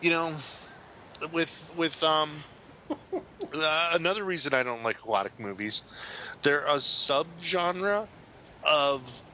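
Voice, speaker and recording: A man's voice: a little high, lively intonation, slow, pauses often, pushed and bright, muffled recording, slight background noise. A man co-hosting a podcast in casual chat, rambling and hesitant with a lot of fillers. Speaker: podcast co-host.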